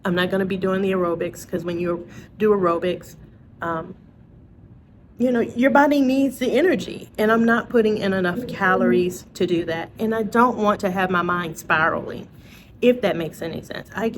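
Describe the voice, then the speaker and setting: A woman talks straight to her viewers in a relaxed, chatty vlog, laughing often and tossing in little asides. Her voice sits a bit low. A faint background hum runs under her voice. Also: moderate pace. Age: adult, parent. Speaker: vlogger. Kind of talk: casual chat to camera.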